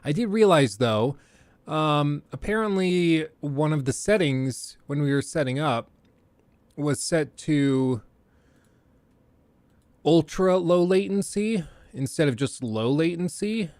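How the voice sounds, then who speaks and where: A man's voice: on the high side, animated, slow pace, a little mellow, no room sound. A man hosting a casual livestream, chatty and self-deprecating, often restarting his sentences. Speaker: streamer and host.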